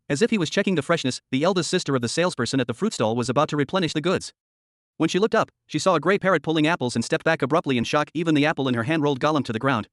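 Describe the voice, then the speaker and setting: Male recap narrator: brisk, slightly high voice, close and dry. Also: no echo. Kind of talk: scripted story narration.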